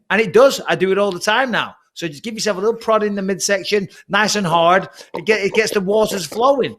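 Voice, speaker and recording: A man's voice: high-pitched, fairly quick, hardly any pauses. A man, a former fighter working as a studio pundit, telling jokey stories in casual chat. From Britain. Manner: animated, jokey storytelling.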